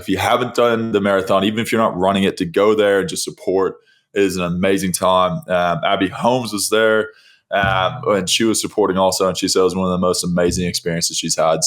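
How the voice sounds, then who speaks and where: Male podcast host, lower voice, lively storyteller. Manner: animated storyteller, laughs often. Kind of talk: casual chat.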